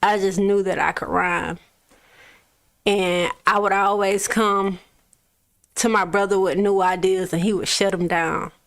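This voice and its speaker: Speaking unhurriedly in a gravelly, medium-pitched voice, this Florida-born recording artist in her young adult years shares her story in a laid-back interview, with frequent laughter and plenty of swearing.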